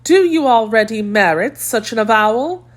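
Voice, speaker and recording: Woman reading as a cold, scheming lady, raised pitch, haughty, coaxing, audiobook. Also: lively intonation, normal speed, natural voice. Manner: coaxing, calculating, softly haughty. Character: scheming proud noblewoman, cold and manipulative.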